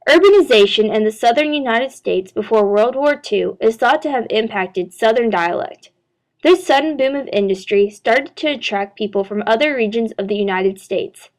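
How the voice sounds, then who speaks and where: A woman, a student narrator, reading a scripted narration in a steady, formal way. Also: on the high side, normal speed. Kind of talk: read-aloud scripted narration.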